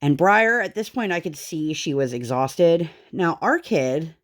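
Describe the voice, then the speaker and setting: A woman's voice: low-pitched, animated, measured pace. A woman vlogger and mother chatting casually while crafting, telling rambling stories full of fillers. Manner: rambling storytelling, many fillers.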